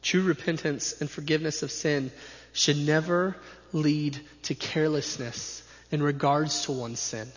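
A man preaches from the pulpit in an emphatic, repeating cadence. His voice sits a little high, and the recording is muffled and dull, with reverb hanging in a large sanctuary. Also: fairly even intonation, unhurried. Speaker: pastor. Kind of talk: sermon. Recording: dull sound with long hall reverb.

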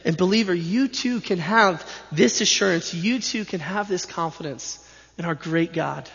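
Guy preaching a sermon, kinda high voice, hammering lines over and over, big echoey church sound. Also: moderate pace, gravelly, a bit bright. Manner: emphatic, repetitive preaching cadence. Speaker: pastor. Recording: dull sound with long hall reverb.

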